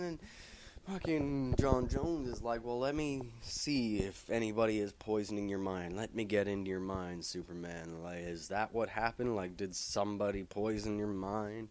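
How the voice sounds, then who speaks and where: A man's voice: steady tone, unhurried, noisy background. A man casually recapping a comic book plot, rambling and swearing heavily. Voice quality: low voice, heavy swearing, rambling.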